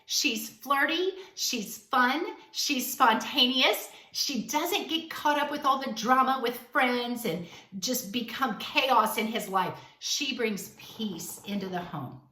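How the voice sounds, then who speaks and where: A woman's voice: on the high side, animated, takes it slowly, pushed and bright, roomy sound, distant mic. Woman host, dating advice talk, emphatic and direct, recorded a little off-mic. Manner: blunt, emphatic, acts out quoted dialogue.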